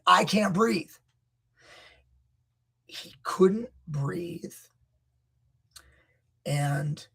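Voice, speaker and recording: A man coaching grappling, breaking down a wrestling match with emphatic, opinionated commentary that rises to near-shouts when he gets indignant. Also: fairly high pitch, gravelly, slightly rough. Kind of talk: video commentary.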